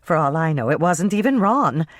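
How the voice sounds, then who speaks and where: Young baker woman, wry and patient, a bit higher, narrator doing her, close dry sound. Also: very animated, normal speed, no room sound, natural voice.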